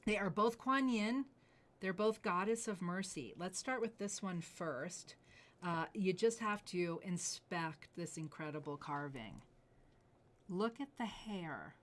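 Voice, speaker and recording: A woman's voice: fairly low pitch, fairly bright tone. Gushing woman selling jade on a live stream. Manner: gushing, breathy asides dropping to near whispers. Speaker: jewelry sales host. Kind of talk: live shopping presentation.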